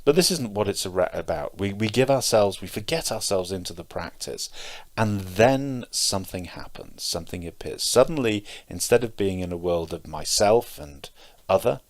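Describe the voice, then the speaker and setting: A middle-aged man giving a Zen dharma talk, telling stories in a hesitant way with many pauses and fillers. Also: on the low side, expressive. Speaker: Zen teacher.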